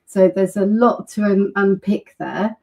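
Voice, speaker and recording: A woman's voice: mid-range voice, fairly even intonation, measured pace, creaky, darkish tone, rough recording. A woman hosting a webinar over a video call, gushing and enthusiastic. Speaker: webinar host.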